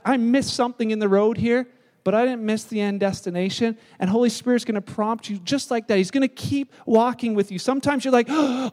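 A male pastor preaching with a very high voice that rings through a large hall with a long echo. He talks lively and switches into little acted-out voices for the people in his stories. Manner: lively, acts out quoted voices. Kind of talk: sermon. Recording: echoey hall sound.

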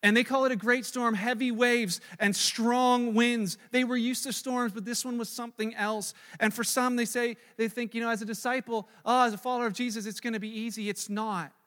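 A man preaching a sermon as a pastor, animated and acting out the voices he quotes, often repeating words as he presses a point. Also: very high voice, fairly quick, few pauses. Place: church sanctuary. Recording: long reverb of a large hall.

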